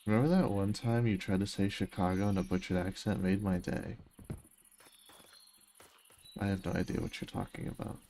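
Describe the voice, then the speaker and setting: A man's voice: low voice, moderate pace, pauses often, dark tone, slight background noise. A young man casually chatting on a gaming livestream, reading his chat aloud and answering with joking, self-mocking remarks. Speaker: streamer.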